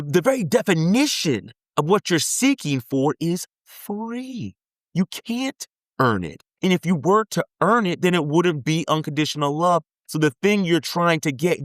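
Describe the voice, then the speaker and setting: A man's voice: a little high, a bit bright, dry recording, clean studio sound. A man giving an earnest motivational self-help talk, pleading and repeating points for emphasis.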